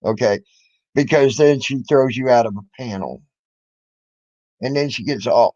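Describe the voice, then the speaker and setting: A man's voice: mid-range voice, measured pace, pauses often, a little mellow, dry recording. A man on YouTube ranting at other people, confrontational and mocking, swearing freely. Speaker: YouTube commentator. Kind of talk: angry profane rant. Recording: dull lo-fi recording.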